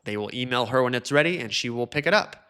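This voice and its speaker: Male podcast host, lively chatty monologue, middle pitch with wide swings, casual. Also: quick pace, smooth. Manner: chatty, animated, mimics complainers in high mocking voices.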